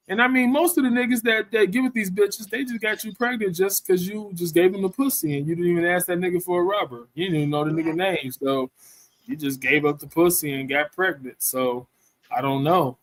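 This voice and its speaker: A man with a slightly higher voice rambles through a profane story in a loose, chatty storytelling rant, often adding "you know what I'm saying" between thoughts. The audio is dry and close, with no echo or room sound.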